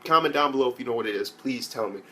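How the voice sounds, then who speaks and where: A young man talks through an anime episode in a casual, rambling way, swearing constantly. His voice sits in a middle register. He keeps breaking into loud, high impressions of the characters. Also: very fast. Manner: rambling, loose, swears a lot, mimics characters in raised voices. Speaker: anime reviewer. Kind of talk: casual profane recap.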